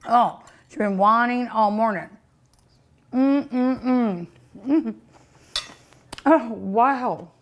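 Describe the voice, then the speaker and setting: Slow-talking woman savoring food. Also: fairly high pitch. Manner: effusive, savoring food with many mmms; talks to her dog and viewers. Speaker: cooking show host. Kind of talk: casual food tasting vlog.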